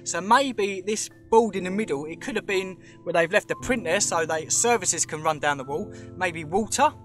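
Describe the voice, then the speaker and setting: An English vlogger gives chatty, emphatic commentary straight to his viewers, repeatedly calling them "mate." His voice is high and a bit bright, at a moderate pace, over soft background music.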